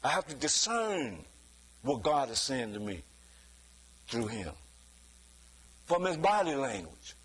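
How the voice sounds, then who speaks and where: A man's voice: medium pitch, very animated, takes it slowly, pauses often, fairly bright tone, breathy edge, rough recording. A man preaching a sermon in a loose, conversational way, often stopping to ask "you see?" and chuckling between points. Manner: chuckles between points, acts out quoted voices.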